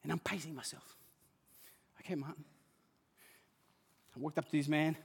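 A man's voice: on the high side, fairly even intonation, fast, creaky, slightly rough. Preacher man in a reverberant hall. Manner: dramatic swings between hushed and loud. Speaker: pastor. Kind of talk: sermon.

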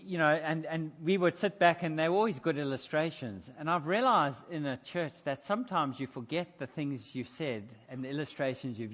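A man preaching a sermon in a church, emphatic and slowing down to stress key points. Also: fairly high pitch, fairly bright tone. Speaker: pastor. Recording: dull sound in echoey church hall.

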